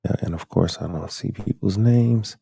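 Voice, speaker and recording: A man's voice: low voice, normal speed, creaky, dark tone, husky, no room sound. A man hosting a live podcast stream, chatting loosely and speaking straight to his viewers. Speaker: podcast host. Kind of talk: casual live-stream commentary.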